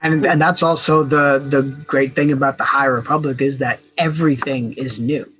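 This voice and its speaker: A man's voice: mid-range voice, steady tone, moderate pace, fairly bright tone, muffled recording, soft background music. A man co-hosting a casual fan review show, talking in long rambling runs with many restarts. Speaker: co-host.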